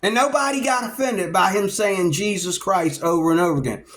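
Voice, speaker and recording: A man vlogging in a casual storytelling monologue, lively and acting out the people he talks about. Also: high-pitched, a little fast. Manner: animated, acts out the people he describes.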